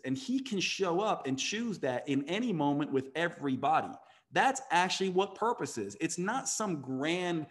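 Man, podcast guest, coach, fairly high voice, emphatic storytelling, acts out quotes. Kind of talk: storytelling interview talk.

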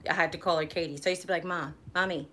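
A woman in her forties with a fairly low voice talks to her viewers in a loose, rambling way. She chats casually and laughs easily as she goes. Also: fairly even intonation, rapid-fire, pushed and bright. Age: 40s. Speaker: vlogger hosting a live stream. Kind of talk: casual live-stream chat.

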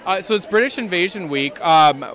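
A man working as an entertainment correspondent, chatting enthusiastically and gushing in a quick backstage interview outdoors at a studio lot. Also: sits high, animated, a bit bright.

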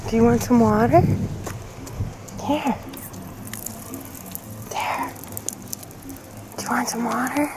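A woman vlogging outdoors in a cemetery, chatting casually and coaxing the animals she meets in a gentle voice. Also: on the high side, fairly even intonation, slow pace, pauses often, background noise. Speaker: travel vlogger. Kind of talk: casual vlog narration.

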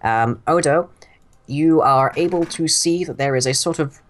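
A man's voice: a little high, normal speed. A man narrating as game master of a tabletop game, hesitant, with many ums and uhs.

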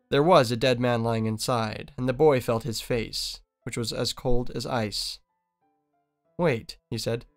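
A man narrating a fairy tale in a steady storytelling manner. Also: medium pitch, clear, resonant tone. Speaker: audiobook narrator.

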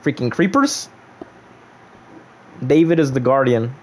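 A young man casually commentating his own game livestream, playful and animated as he jokes with viewers. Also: mid-range voice, measured pace. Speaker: streamer.

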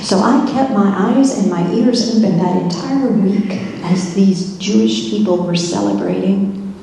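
A woman's voice: medium pitch, a little slow, gravelly, warm tone, a little hiss or hum. A woman pastor playing a curious, searching Roman governor's wife in a first-person church monologue, asking many wondering questions. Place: church sanctuary. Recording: echoey church hall.

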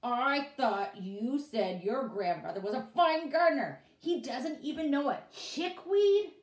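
A woman's voice: medium pitch, sing-song, slow pace, a little mellow, voice pushed up. A woman reading as an indignant male landscaper. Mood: angry. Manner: exclaiming, stammering in disbelief. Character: shocked, angry adult male landscaper. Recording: roomy, from away from mic.

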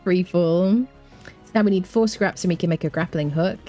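A woman giving casual gameplay commentary, excitable and humming little tunes as she plays. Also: on the low side, normal speed, faint music behind. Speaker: gameplay streamer.

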